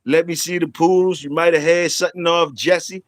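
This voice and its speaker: A middle-aged man chats casually on his own stream, swearing freely and laughing as he teases people. His voice sits a little high for a man. The sound is dry and close, with no room echo. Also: fairly even intonation, moderate pace. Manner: laughing, profane, teasing banter. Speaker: channel host. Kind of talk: casual livestream chat.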